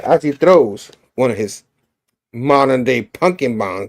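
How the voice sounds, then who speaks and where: A man's voice: mid-range voice, expressive, measured pace. A man reviewing a comic, retelling its story animatedly with sound effects and frequent laughs.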